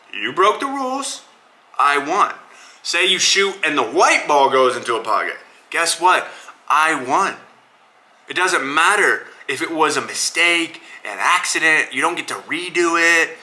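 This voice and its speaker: Bright-voiced blunt podcast host, man. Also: a little high, low-quality recording. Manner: blunt, opinionated, addresses listeners as brother. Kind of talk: casual solo commentary on fights.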